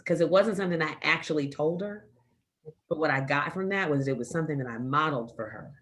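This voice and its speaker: A woman's voice: deep voice, brisk, fairly bright tone. A middle-aged woman speaking as a forum panelist, emphatic and impassioned.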